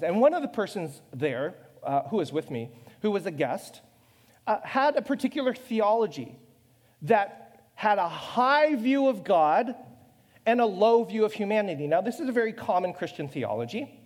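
Man, high voice, conversational sermon, rhetorical questions, reverberant hall. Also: darkish tone. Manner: conversational, self-deprecating preaching with rhetorical questions. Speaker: pastor.

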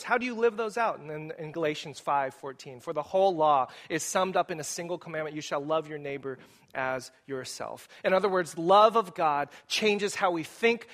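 Male pastor, higher voice, energetic sermon delivery in a church. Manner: animated, rising emphasis, asks the congregation questions. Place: church sanctuary.

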